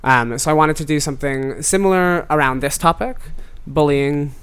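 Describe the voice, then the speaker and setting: A man's voice: a little high, normal speed, a bit bright, smooth. A young man, a podcast guest, chatting casually and telling a story with lots of fillers and asides. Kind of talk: casual chat.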